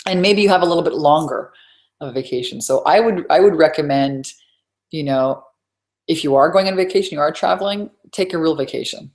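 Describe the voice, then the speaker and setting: A woman business coach talks through a live webinar in a deep voice. She is chatty and emphatic, drops in asides and repeats her key phrases to drive them home. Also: fairly quick, a little mellow.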